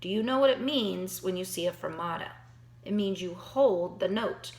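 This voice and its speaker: A woman with a mid-range voice speaks at a moderate pace while teaching piano, encouraging her student directly, thinking aloud, and counting beats. The recording has a roomy echo.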